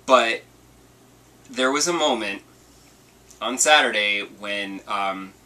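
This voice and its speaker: A man hosting a video podcast, telling a story in a chatty, animated way. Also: fairly low pitch, recorded from a distance. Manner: chatty and animated, acts out quotes. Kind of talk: casual storytelling vlog.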